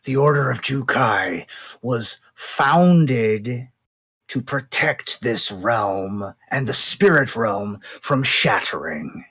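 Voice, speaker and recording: A slithering, many-handed spirit guardian speaking in slow, grave warnings, as a woman puts it on. The voice drags along deliberately and keeps a stern, heavy weight, as if from a tabletop game played among friends. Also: extremely low pitch, lively intonation, fairly bright tone, slightly rough, heavily acted.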